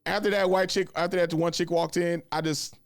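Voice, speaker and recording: Fast-talking young man telling a rambling story. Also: high voice, steady tone, no room sound, studio quality. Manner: rambling, repeats "I was like", acts out the voices of other people. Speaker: podcast host. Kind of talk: casual storytelling.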